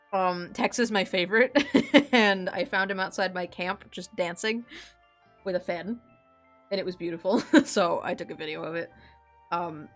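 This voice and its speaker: A woman's voice: fairly low pitch, unhurried, long pauses, faint music behind. A woman chatting casually while she draws, rambling and giggling, with lots of filler words. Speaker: artist chatting while drawing. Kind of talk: casual chat.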